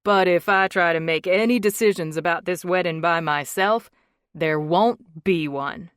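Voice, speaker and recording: A cocky, sarcastic young man with a teasing, drawn-out way of talking, as a woman narrator puts him on. The voice sits a little low and is close and dry, with no room sound at all. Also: a bit bright, no echo. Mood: wry.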